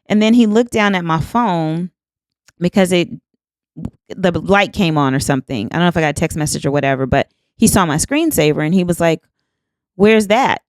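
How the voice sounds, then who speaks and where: A woman's voice: lowish voice, brisk, no room sound, clean studio sound. A woman in her fifties hosting a podcast, telling a personal story and acting out both sides of the exchange. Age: 50s. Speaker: podcast host. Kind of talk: storytelling monologue.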